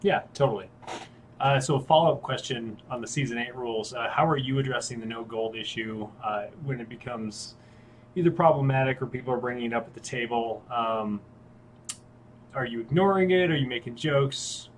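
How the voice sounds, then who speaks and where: Upbeat interviewer, faint background noise. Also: male voice, mid-range voice, brisk, low-quality recording. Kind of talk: casual interview questions.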